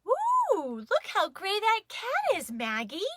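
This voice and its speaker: Woman doing a sweet cooing storybook mom, pitched very high and bright. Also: wildly swooping pitch, slow, no echo, studio quality, full character voice.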